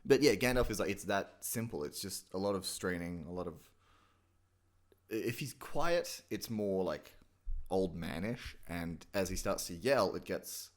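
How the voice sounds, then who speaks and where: A man's voice: deep voice, lively intonation, a little slow. A man hosting a casual comedic impressions tutorial, rambling, self-mocking and swearing freely. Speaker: channel host teaching impressions.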